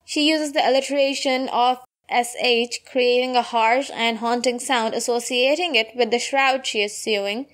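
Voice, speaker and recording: A woman reading out an analysis of a poem, slowing down for the quoted lines. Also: on the high side. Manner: reads quoted lines slower and softer. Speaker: poetry analysis narrator. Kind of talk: read-aloud literary analysis.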